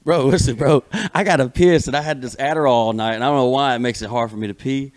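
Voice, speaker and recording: A man's voice: medium pitch, fairly even intonation, fast talker. A man in his thirties from Alabama, a guest comedian telling a wild story in a loose, profane, rambling way. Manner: rambling profane storytelling, gets louder as the tale builds. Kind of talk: casual storytelling.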